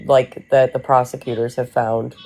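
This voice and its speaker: A man in a casual group discussion who speaks in a measured way and restates points. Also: medium pitch, flat delivery, darkish tone.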